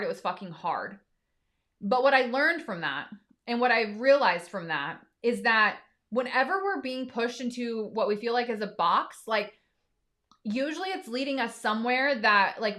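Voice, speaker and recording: A woman's voice: fairly high pitch, fairly bright tone. A young adult woman, a business coach, talking candidly and emotionally in a live stream, blunt and often swearing.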